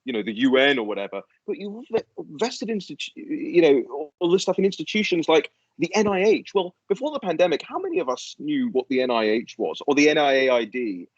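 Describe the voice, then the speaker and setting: A man's voice: a little high, very animated, fairly quick, few pauses, dry recording, dull audio. A man as a guest in a casual political chat, ranting animatedly and swearing freely.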